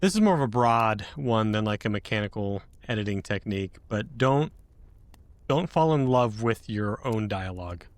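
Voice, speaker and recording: A man's voice: fairly low pitch, expressive, moderate pace, no echo. Joking man hosting a podcast chat. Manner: chatty and joking, laughs mid-sentence. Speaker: podcast host.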